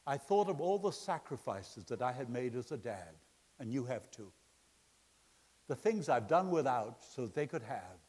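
A middle-aged man preaching a sermon, telling jokes and family stories, swinging between loud laughing excitement and quiet earnest appeals. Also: a little high. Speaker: pastor. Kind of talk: sermon with humorous storytelling. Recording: long reverb of a large hall.

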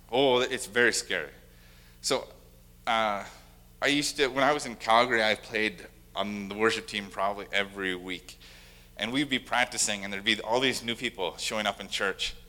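A young adult pastor preaching in a loose, conversational way, with a bright, forceful voice. He talks to his congregation like friends and slips into little acted-out quotes. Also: on the low side. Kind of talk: sermon.

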